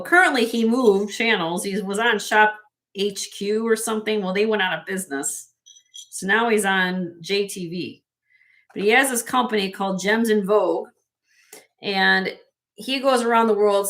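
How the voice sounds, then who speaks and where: A woman with a mid-range, slightly bright voice hosts a live online jewelry sale. She chats in a salesy way, addressing buyers directly by name.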